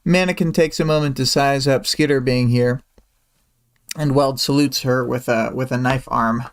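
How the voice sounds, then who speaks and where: A man with a smooth, resonant voice at an ordinary middle pitch, hosting a livestream. He recaps a story chapter in a relaxed, casual way, often pausing on ums and uhs and adding small asides. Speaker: livestream host.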